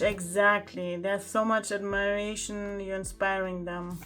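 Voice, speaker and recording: A woman talks through a pick-a-card tarot reading at a mid pitch. She chats and exclaims as she turns the cards. Faint music plays in the background. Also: little pitch movement, unhurried, fairly bright tone. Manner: chatty, exclaiming over the cards. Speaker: tarot reader.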